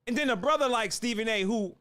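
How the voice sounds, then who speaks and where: A man's voice: very high-pitched, fast, fairly bright tone, clean tone. A man giving a heated political monologue, fiery and repeating himself as he restarts lines. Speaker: political commentator.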